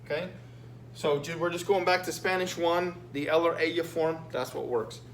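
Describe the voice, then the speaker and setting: A man's voice: a little high, steady tone, moderate pace. A man teaching Spanish, walking his students through a written exam with patient, repetitive explanations and frequent "okay?" check-ins. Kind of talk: recorded lesson going over a written exam. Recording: echoey room with faint hum.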